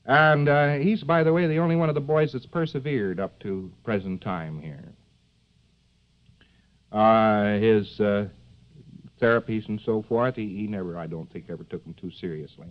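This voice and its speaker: On a dull, lo-fi old lecture recording, a man with a lowish voice speaks at a moderate pace. He rambles and jokes through a live talk to an audience, wandering off on tangents and packing in fillers and rhetorical asides like "see?"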